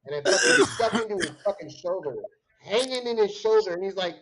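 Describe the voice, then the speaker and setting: A young man chats casually on a livestream, spinning a rambling, swear-filled story. His voice sits a bit high and swings widely in pitch. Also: very animated, brisk, a crowd in the background, poor audio. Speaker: stream co-host. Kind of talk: casual chat.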